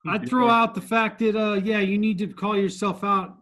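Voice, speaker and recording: A man's voice: high-pitched, little pitch movement, normal speed, crowd noise. A man on a talk show panel speaking candidly and earnestly, with casual swearing. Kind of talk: casual podcast chat.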